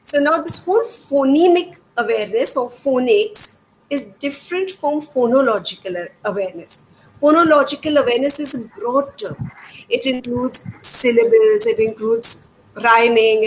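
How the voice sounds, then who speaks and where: High-voiced Indian woman teaching parents. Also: poor audio. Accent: Indian English. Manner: patient, demonstrative, asks rhetorical questions. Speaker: educator. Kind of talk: explanatory talk to parents. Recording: faint background noise.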